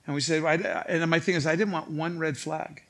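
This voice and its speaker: A male pastor preaching a sermon, telling stories in an animated way and acting out other people's lines, laughing at his own stories. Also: fairly high pitch, a little fast.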